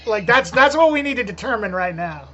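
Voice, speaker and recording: A man's voice: extremely high pitch, animated, a little fast, pushed and bright, dull audio, a little hiss or hum. A man co-hosting a podcast over an internet call, rambling casually with lots of laughter and restarts. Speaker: podcast co-host. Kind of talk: casual chat. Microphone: remote call over the internet.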